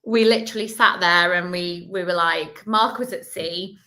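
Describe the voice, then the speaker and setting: A woman's voice: lowish voice, bright, forceful tone. A woman from Yorkshire with a Yorkshire accent and a slight Welsh twang, chatting casually and rambling as a guest on a live stream over a video call. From Yorkshire, England. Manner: chatty, rambling, quick asides. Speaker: guest psychic.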